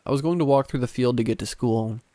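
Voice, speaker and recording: A man narrating a scripted horror story in a calm, steady first-person way. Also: medium pitch, quick pace, dry recording.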